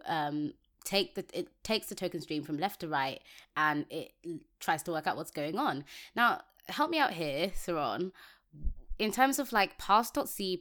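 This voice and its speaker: A woman's voice: on the low side, sharp tone. A woman co-hosting a casual technical podcast, reading code aloud step by step and laughing easily. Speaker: podcast co-host.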